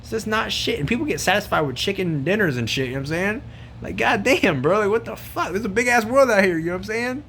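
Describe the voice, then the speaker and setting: A man vlogging a loose, profanity-laced rant, circling back on himself with slang and filler. His voice sits a little high for a man, and a faint hum of ambient noise sits under it. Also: animated, fast talker, gravelly, a bit bright. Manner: rambling, profane, slangy, says bro a lot. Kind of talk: casual rant to camera.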